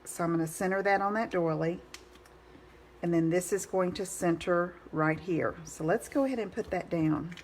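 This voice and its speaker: A woman's voice: on the low side, normal speed, darkish tone, a little hiss or hum. A woman giving a live card-making demonstration, chatty and encouraging, greeting viewers by name.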